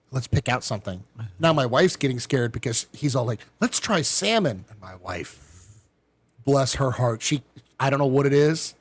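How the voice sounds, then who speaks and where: A middle-aged man telling a long personal story in casual chat, acting out the people he quotes with big jumps in pitch. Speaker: podcast guest.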